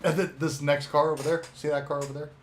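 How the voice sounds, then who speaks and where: Rambling laughing man with a higher voice. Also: level tone, fast, slight background noise. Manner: rambling, laughs often, swears. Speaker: podcast co-host and shop owner. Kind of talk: casual chat.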